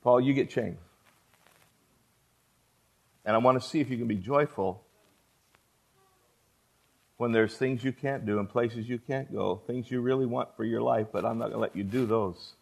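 A man voicing God as a calm, all-powerful male elder, speaking low and hushed with measured promises. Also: husky. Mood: solemn.

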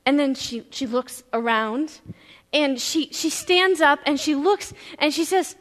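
Woman pastor, storytelling sermon, high voice, long church reverb. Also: lively intonation, measured pace. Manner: vivid, shifting between loud and hushed. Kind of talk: dramatic first-person storytelling sermon.

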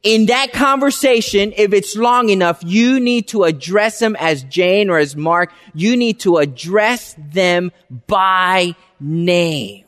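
High-voiced pastor preaching in a reverberant hall. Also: male voice, fairly bright tone. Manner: reads scripture slowly, then acts out everyday greetings. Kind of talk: sermon.

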